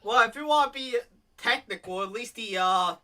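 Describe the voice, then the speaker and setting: A man's voice: very high-pitched, normal speed, sharp tone. A man co-hosting a casual podcast, swearing freely, laughing often and reading posts aloud. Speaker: podcast co-host. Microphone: home microphone, streamed show.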